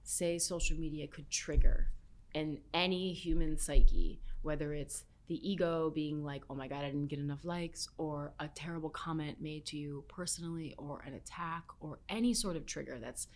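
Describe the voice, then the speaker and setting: A woman guest chatting casually, soft-spoken, often trailing into a near whisper and filling with "like". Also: deep voice, moderate pace. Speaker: podcast guest, health chef. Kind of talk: casual chat.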